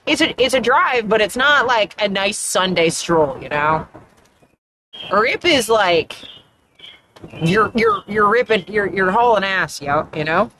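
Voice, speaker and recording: A woman's voice: mid-range voice, animated, measured pace, background noise. A woman with an Atlantic Canadian accent, chatting casually as a streamer while gaming, rambling and often trailing off mid-thought.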